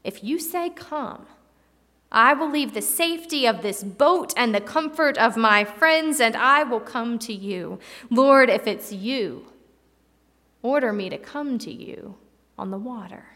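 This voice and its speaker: A woman's voice: a little high, animated, a little slow, sharp tone, full character voice. A woman acting out a bold male fisherman disciple who earnestly begs to be called out onto a stormy sea. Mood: earnest pleading. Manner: earnest, pleading. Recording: long hall reverb.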